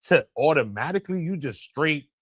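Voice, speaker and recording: A man's voice: animated, moderate pace, a bit bright. A man hosting a live stream, reacting in casual slang with a lot of swearing. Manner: slangy and profane, with big swings of pitch.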